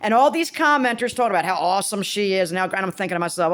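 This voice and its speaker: A woman's voice: mid-range voice, lively intonation, fast, a bit bright. A woman in her fifties talking casually to camera, rambling and blunt, swearing freely and restarting her sentences. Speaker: vlogger.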